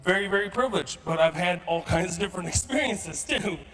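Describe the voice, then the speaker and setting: High, bright-voiced man doing stand-up. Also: faint music behind, low-quality recording. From Kuwait. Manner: animated, quick switches into character voices. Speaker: stand-up comedian. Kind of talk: stand-up comedy set. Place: event hall with live audience.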